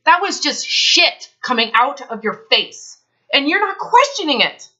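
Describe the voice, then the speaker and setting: A woman's voice: high-pitched, big pitch swings, measured pace, bright, forceful tone. A woman health advisor in a counseling session, talking bluntly and emphatically, swearing freely. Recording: dull lo-fi recording.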